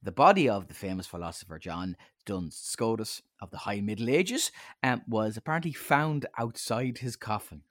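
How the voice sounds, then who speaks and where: A man's voice: lowish voice, animated, moderate pace, hardly any pauses, fairly bright tone, no echo, clean studio sound. A man co-hosting a podcast, telling anecdotes in a jokey, casual way and laughing at his own jokes. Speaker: podcast co-host. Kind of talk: casual chat.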